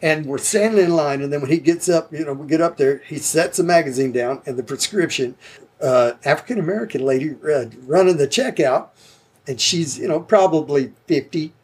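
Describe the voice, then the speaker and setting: Husky laid-back man. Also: a little high, a little fast, a little mellow. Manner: laid-back, rambling, swears casually. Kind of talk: casual storytelling chat.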